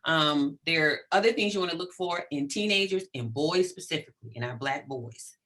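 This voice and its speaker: A middle-aged woman, a psychologist guest in an interview, talking in an animated, emphatic way and checking in often with "right?". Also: deep voice, normal speed. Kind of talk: conversational interview.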